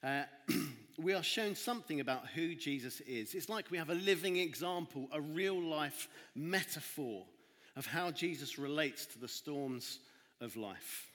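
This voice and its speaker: A man with a fairly high voice, telling a Bible story to children with lively, dramatic asides. His voice rings with a long reverb in a large hall. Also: a little slow. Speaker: children's talk leader at church. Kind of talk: children's sermon and Bible reading. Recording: echoey hall.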